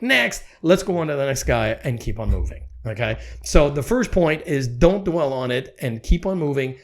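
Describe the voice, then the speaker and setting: Animated man, lively and emphatic. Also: fairly high pitch, moderate pace, hardly any pauses. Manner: animated, emphatic, repeats phrases. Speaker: podcast guest, real estate executive. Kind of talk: podcast conversation.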